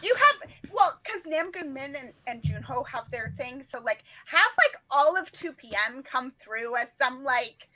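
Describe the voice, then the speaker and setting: A woman's voice: high voice, animated, a little slow, hardly any pauses, pushed and bright, rough recording. A woman co-hosting a casual chat, rambling with lots of fillers as she brainstorms. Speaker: podcast co-host.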